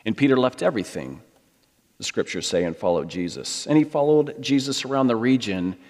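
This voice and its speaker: A man's voice: medium pitch, expressive, a little fast, a little mellow. A middle-aged American man preaching a sermon, storytelling and acting out the voices he quotes. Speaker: pastor. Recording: long hall reverb.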